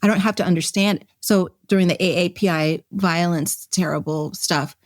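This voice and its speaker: Woman, podcast guest, lower voice, candid, emotional, reflective, restarts often, dry close sound. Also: normal speed, dry recording. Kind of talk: candid conversational interview.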